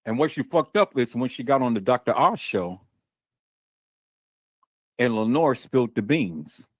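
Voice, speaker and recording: A man hosting a livestream talks heatedly and profanely, repeating himself and restarting with stammers. His medium-pitched voice is animated, unhurried and slightly rough, with no room sound.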